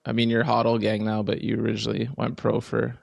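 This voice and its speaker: A male host who asks loose, relaxed questions in a casual interview. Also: on the low side, quick pace, vocal fry, no echo, studio quality.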